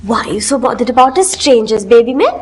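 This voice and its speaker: A woman's voice: fairly high pitch, lively intonation, fast. A woman with a Sri Lankan English accent in scripted comic banter, teasing and wry. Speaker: comedy sketch co-host.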